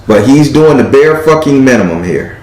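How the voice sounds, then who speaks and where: A man's voice: medium pitch, animated, normal speed, a little mellow. A man gives a live tarot reading in a mid-range voice. He speaks bluntly and profanely, acting out the lines he quotes. The room sounds echoey. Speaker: tarot card reader.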